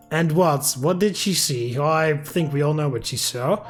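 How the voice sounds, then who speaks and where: A man playing through a story game on his channel, reading it aloud and reacting with loud, swearing outbursts of dismay. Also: fairly high pitch, slow, long pauses, soft background music. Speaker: gaming channel host. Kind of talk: let's play, reading a visual novel aloud with reactions.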